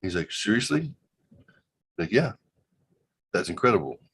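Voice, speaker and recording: Man, deep voice, casual podcast banter, rambling storyteller. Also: moderate pace. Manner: rambling, joking, fake ad taglines. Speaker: podcast co-host.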